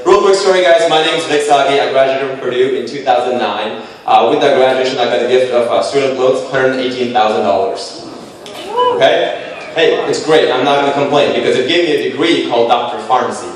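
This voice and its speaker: A man in his late twenties telling a personal story to a panel, animated and self-deprecating, with punchy repeated phrases. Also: medium pitch, a little fast, a crowd in the background. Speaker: speaker pitching to a panel. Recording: echoey hall, voice from far off.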